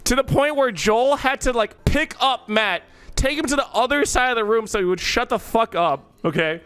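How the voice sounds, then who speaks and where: A man's voice: extremely high pitch, normal speed, faint music behind. A young man, a streamer, casually telling a story to his viewers, swearing freely and breaking into laughs and yelps. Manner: animated, profane, laughs and yelps in excitement.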